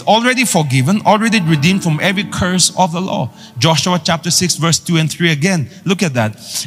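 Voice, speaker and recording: Animated preacher man in a reverberant hall. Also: sits high. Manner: emphatic, call-and-response preaching. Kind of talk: sermon. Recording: long hall reverb with faint music.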